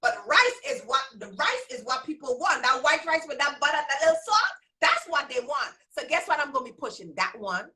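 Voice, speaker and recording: High, bright-voiced woman coaching emphatically. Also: sing-song, brisk, poor audio. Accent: Virgin Islands. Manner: emphatic and repetitive, drilling points home; folksy, addresses listeners as y'all. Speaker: business trainer and host. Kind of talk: live coaching talk.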